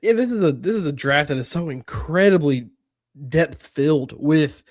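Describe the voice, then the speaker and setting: A man with a slightly higher voice co-hosts a casual sports podcast. He argues his points emphatically and reassuringly, restarting quickly, and the recording sounds dry and close. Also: lively intonation, no room sound. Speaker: podcast co-host.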